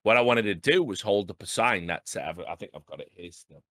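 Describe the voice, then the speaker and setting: A man in his late thirties hosting a podcast, telling a story in an animated, sweary way and often asking "right?". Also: lowish voice, fairly quick, no echo, clean studio sound. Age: 30s. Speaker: podcast host. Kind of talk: casual storytelling chat.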